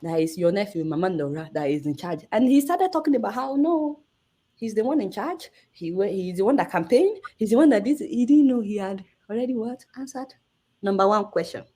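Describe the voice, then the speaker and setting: A Nigerian woman in her thirties tells a story as a journalist guest. Her mellow voice jumps high and low as she acts out the people she quotes. She speaks with lively, expressive energy. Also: brisk, breathy edge. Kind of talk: animated storytelling in conversation.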